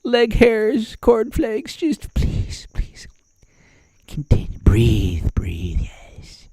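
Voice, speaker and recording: A man doing a high, breathy, cooing voice that plays a doting media figure who coddles a leader. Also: slow, mellow, heavily acted. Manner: breathy, cooing half-whisper.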